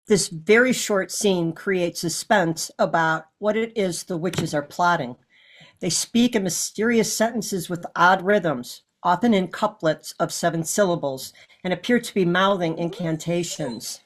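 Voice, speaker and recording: A speaker reading a prepared passage aloud in a steady, even way. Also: medium pitch, a little slow.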